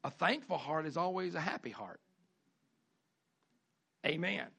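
Animated gravelly-voiced preaching pastor. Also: male voice, measured pace. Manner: animated preaching with dramatic pitch swings and mimicked complaining voices. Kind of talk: sermon.

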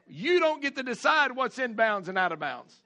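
Male pastor, high bright voice, folksy sermon delivery with call-and-response. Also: big pitch swings. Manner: folksy preaching with call-outs, repeats and drawn-out emphasis.

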